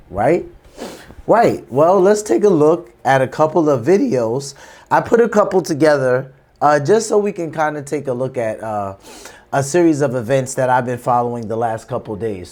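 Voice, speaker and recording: A man's voice: mid-range voice, a little mellow. A man hosting a reaction channel, explaining news clips in a conversational way before he plays them. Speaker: political reaction channel host. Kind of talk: casual commentary.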